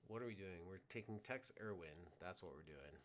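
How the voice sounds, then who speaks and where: A man's voice: low-pitched, expressive, a little fast, a little hiss or hum. A man streaming a baseball card game live, muttering his picks to himself in a self-mocking way, with faint clicking behind him.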